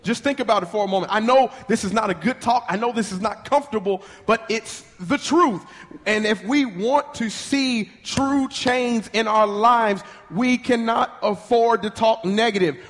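A man preaching a sermon with fervent energy, leading the congregation in call-and-response and speaking in rapid bursts with restarts. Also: sits high, big-room sound.

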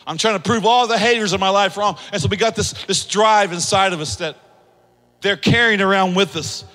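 High-voiced preaching man in a hall. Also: a little fast. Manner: animated preaching with acted-out quotes and jokes. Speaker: pastor. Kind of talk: sermon. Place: church hall.

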